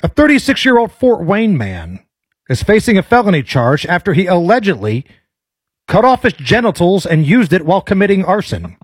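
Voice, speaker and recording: A man's voice: sits high, wildly swooping pitch, moderate pace, breathy edge, no echo. A male talk radio host, bantering playfully and slipping into a mock newscaster delivery.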